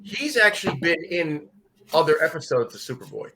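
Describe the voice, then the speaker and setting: A man's voice: a little high, very animated, fairly quick, bright, forceful tone, slight background noise. A man co-hosting a casual episode commentary podcast, matter-of-fact, giving short replies and plain instructions. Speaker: podcast co-host.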